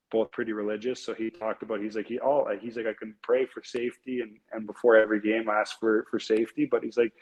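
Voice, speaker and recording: A young man with a fairly low voice tells his story earnestly as an interview guest. His talk is casual, full of fillers and restarts. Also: lo-fi sound. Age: young adult. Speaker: guest, hockey player.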